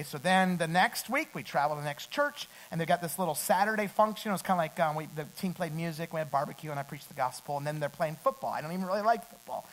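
Man preaching a lively sermon. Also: on the high side, fast talker, few pauses, low-quality recording. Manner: builds to loud emphatic peaks, then drops to a quiet storytelling tone.

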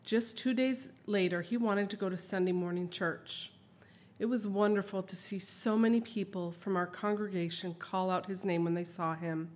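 A woman's voice: mid-range voice, fairly even intonation, normal speed. A middle-aged woman sharing her family's story as a mother, reading from her account and then telling an anecdote off-script in an earnest, emotional way.

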